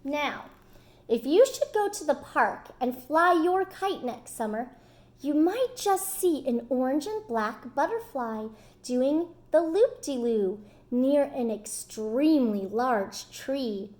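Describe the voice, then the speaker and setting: A woman reading a picture book aloud to children in an animated way, stopping to ask them questions. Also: high voice, slow.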